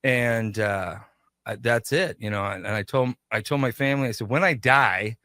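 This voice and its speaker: A man's voice: medium pitch, normal speed, no room sound, clean studio sound. A man, a shop owner and guest on a radio show, telling a story in a casual interview and acting out the voices of the people in it. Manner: animated, acts out quoted dialogue.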